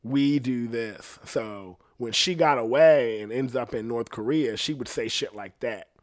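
A man telling a story in a casual, animated monologue, swearing freely and putting on voices for the people he quotes. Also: medium pitch, moderate pace. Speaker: singer recounting a story.

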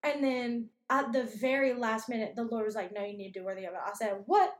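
A woman's voice: a little high, brisk. A young woman, a college student chatting on a podcast, telling stories animatedly and laughing often. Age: young adult. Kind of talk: casual podcast chat. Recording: echoey room.

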